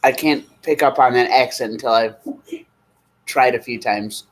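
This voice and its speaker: Man, 30s, relaxed streamer host, loose chatty delivery, medium voice. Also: mid-range voice, rough recording. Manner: rambling, easygoing, slow when reading names aloud. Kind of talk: casual live-stream chat.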